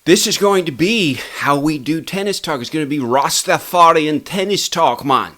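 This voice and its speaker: A man voicing a laid-back guy in a put-on, deliberately bad Jamaican accent, tagging lines with "man". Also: fairly high pitch, expressive, bright, forceful tone, voice pushed up. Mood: jokey.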